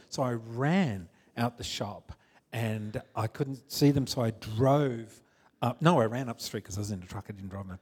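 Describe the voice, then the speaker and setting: Husky man telling a story. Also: mid-range voice. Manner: rambling, halting storytelling with restarts. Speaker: congregation member. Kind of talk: personal testimony.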